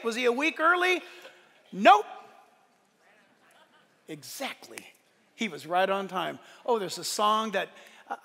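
A man preaching in a very high, bright voice that rings through a large hall. His delivery is emphatic and animated. He breaks off into joking asides before driving his point home again. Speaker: pastor. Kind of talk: sermon. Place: church sanctuary during a service. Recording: long reverb of a large hall.

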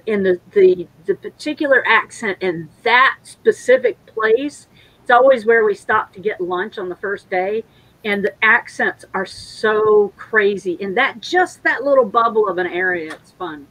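A woman's voice: mid-range voice, fairly bright tone, rough recording. A woman co-hosting a casual livestream, chatty and jokey, telling stories. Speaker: co-host.

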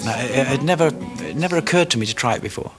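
A man being interviewed, telling stories about his past in a reflective, unhurried way. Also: medium pitch, expressive, loud music behind the voice. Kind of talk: reminiscing interview.

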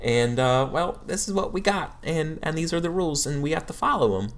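A man's voice: a little high, lively intonation, brisk, voice pushed up. A man voicing a bumbling, jovial female school guidance counselor in a tabletop role-play, stammering and repeating words as he goes. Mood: flustered apologetic.

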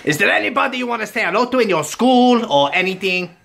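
A man hosting a playful home cooking video with his children, boisterous and given to shouted catchphrases. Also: high voice, lively intonation, quick pace, vocal fry, slight background noise. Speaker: home cooking show host and dad. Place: home kitchen, indoors.

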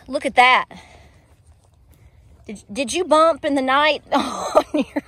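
A woman's voice: high-pitched, a little slow, long pauses, fairly bright tone, dry recording. A woman, hosting a homestead vlog and chatting casually with her viewers while working outdoors in a garden. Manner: chatty, folksy, talks straight to viewers.

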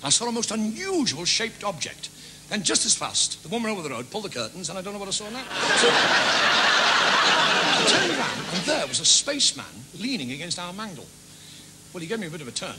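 A man with a Liverpool accent doing a stand-up comedy routine, rattling off gags and bursting into shouted character voices. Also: high-pitched, wildly swooping pitch. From England. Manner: quick gag delivery with sudden shouted character voices. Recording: noisy stage recording with laughter.

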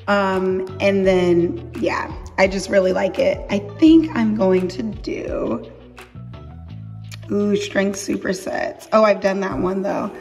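A woman vlogging her day at home as a homeschool mom, talking in a chatty, rambling way. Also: medium pitch. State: out of breath after workout. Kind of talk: casual vlog chat. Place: home garage gym.

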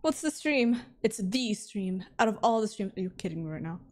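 A woman's voice: mid-range voice, lively intonation, a little fast. A woman streaming a horror game, talking to her chat with jumpy, dramatic reactions and frequent laughs. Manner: talks to chat. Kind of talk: live game commentary.

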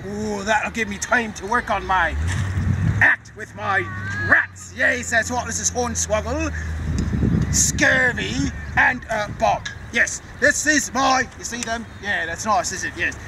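A man's voice: sits high, expressive, slow pace, heavily acted. A man playing an eccentric pirate who rambles and chatters to his pet rats, in an improvised comic sketch. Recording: distant mic with outdoor noise.

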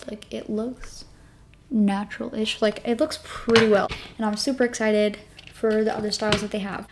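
A woman with a slightly high-pitched voice talks her viewers through a beauty tutorial in a loose, casual way. She leans on fillers and dramatizes her reactions, and she sometimes sinks into a whisper while concentrating. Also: darkish tone, a little hiss or hum. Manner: chatty, filler-heavy, self-dramatizing. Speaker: beauty vlogger. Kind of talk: casual product tutorial chat.

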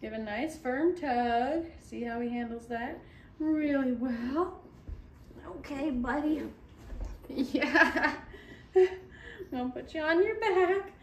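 A woman's voice: sits high, slow, long pauses, slight background noise. Woman, dog breeder, baby talk to a puppy, echoey room, heard from a distance. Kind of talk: casual commentary while handling a puppy.

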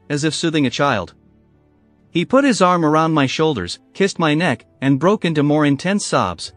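A man narrating a first-person story in a scripted, measured storytelling manner. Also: on the high side, no room sound.

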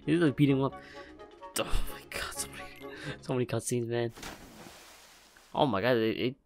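A man's voice: mid-range voice, a little mellow. Laughing man reacting over game music. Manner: laughs often, exclaims and stumbles over words. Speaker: YouTuber reacting to game cutscenes. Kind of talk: casual reaction commentary.

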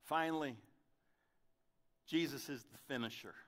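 Male pastor, bright and forceful tone, dramatic sermon delivery, loud peaks and quiet stretches. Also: unhurried. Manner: dramatic, swings from loud questions to soft low delivery.

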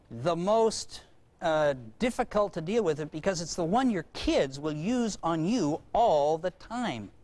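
Animated folksy male parenting speaker. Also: high voice. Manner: folksy, animated storyteller who acts out voices. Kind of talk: lecture with anecdotes.

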